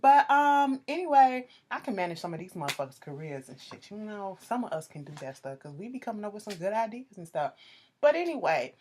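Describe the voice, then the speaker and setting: A woman's voice: mid-range voice, fairly quick, slight background noise. Sassy, swearing woman recapping. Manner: animated, sassy, swears freely, acts out quotes. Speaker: reality TV recap vlogger. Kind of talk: casual profane recap.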